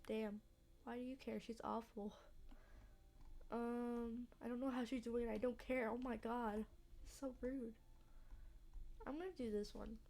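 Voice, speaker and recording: A woman's voice: fairly high pitch, steady tone, unhurried, pauses often, darkish tone. A woman casually commenting while playing a story game, chatty and blunt, filling her talk with "like". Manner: chatty, lots of "like", blunt reactions. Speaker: let's play gamer.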